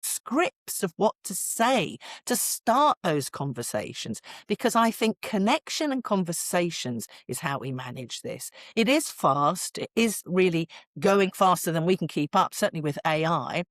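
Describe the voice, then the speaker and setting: This is a British woman in middle age, speaking as a guest parenting expert. Her voice sits on the low side but moves up and down a great deal as she tells stories, and she laughs easily. The sound is dry and close. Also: measured pace, no echo. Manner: animated, expressive storyteller who laughs often. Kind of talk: podcast interview.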